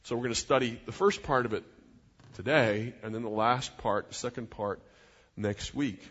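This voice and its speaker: A man's voice: medium pitch, normal speed, a bit bright. A middle-aged man preaching a sermon as a pastor, in an earnest, conversational way with personal asides. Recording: dull sound in a reverberant hall.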